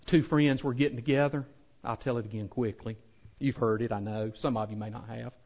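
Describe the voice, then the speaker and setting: A pastor preaching a sermon with impassioned swells that drop to soft, earnest appeals. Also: male voice, medium pitch, steady tone, brisk, lo-fi sound. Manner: impassioned preaching, rising loud then softening.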